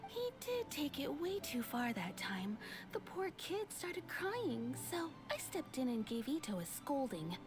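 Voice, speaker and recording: A gentle game townswoman, soft and a touch squeaky, high and lilting. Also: big pitch swings, measured pace, music in the background. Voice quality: soft, slightly squeaky, near-whispery voice. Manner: gentle, patient storyteller.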